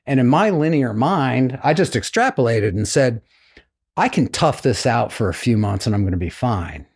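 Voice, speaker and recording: A retired naval flight officer, middle-aged and American, tells his story as a casual podcast guest in a medium-pitched, slightly rough voice at a moderate pace. Animated throughout, he acts out the voices of the people in his tale.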